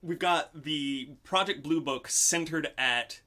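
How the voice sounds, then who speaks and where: A man's voice: fairly high pitch, slow pace, pushed and bright. A man hosting a podcast, telling a story in casual chat, full of "um" and "like". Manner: storytelling with many "um" and "like". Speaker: podcast host.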